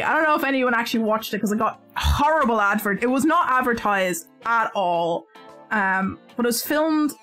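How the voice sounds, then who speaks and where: Chatty woman with a higher voice. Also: a bit bright. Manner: chatty and rambling, with frequent restarts. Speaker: streamer. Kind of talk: casual live-stream chat while crocheting.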